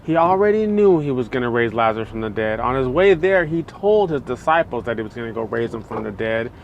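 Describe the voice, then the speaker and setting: Casting: male preacher, mid-pitched voice, easygoing devotional talk, chatty and full of fillers, faint hum behind. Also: sing-song, fairly quick, lo-fi sound. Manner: conversational and loose, many fillers like "you know" and "like".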